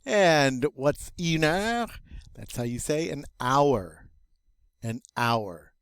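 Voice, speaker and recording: An older man, teaching French vocabulary in a slow, patient, folksy way, drawing out each word. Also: mid-range voice, animated, a bit bright, smooth, no room sound, clean studio sound. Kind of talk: recorded vocabulary lesson.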